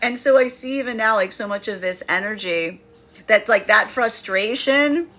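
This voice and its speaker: Woman doing a tarot reading, loose and chatty, lots of "like", bright forceful voice. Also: on the high side, moderate pace. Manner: chatty, with many fillers, laughing while acting out quoted voices. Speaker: tarot reader. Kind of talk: casual spoken tarot reading.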